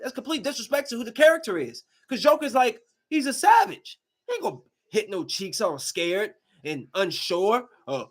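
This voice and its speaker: A man hosting a podcast, giving a casual, slangy movie review with emphatic rants and quick asides. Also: very high voice, a bit bright. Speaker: podcast host.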